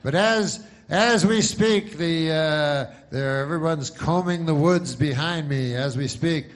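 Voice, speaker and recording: A man's voice: a little high, takes it slowly. A man playing a male TV news reporter at an outdoor search. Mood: earnest.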